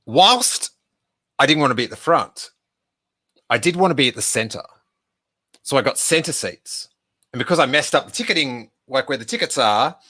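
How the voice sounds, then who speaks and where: Podcast host, man in his 30s, bright voice, chatty rambling storyteller. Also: mid-range voice. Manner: chatty, rambling anecdote with many "like" fillers. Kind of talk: live stream Q&A storytelling.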